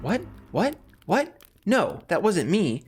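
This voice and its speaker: Brief: a man playing a scared, whiny young woman in a game read, high and jumpy. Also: sing-song, normal speed, slightly rough, soft background music. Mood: flustered. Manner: panicky, pleading, whiny. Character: frightened pleading young woman.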